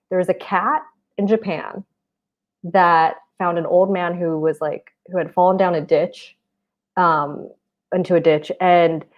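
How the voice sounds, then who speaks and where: Twenties woman doing standup over a muffled video call, deadpan, mocks herself. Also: fairly low pitch. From United States. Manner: deadpan, self-mocking delivery with quick asides. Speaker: stand-up comic. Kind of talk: virtual stand-up set. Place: home, virtual show.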